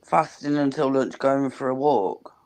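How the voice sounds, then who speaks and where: A man's voice: medium pitch, measured pace, darkish tone. A man chatting casually and teasing his co-host. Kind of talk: casual chat.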